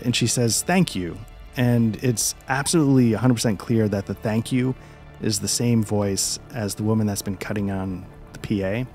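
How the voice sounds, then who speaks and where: A man running a tabletop role-playing game as game master, calmly describing scenes with frequent fillers. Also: mid-range voice. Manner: calm descriptive narration with many fillers.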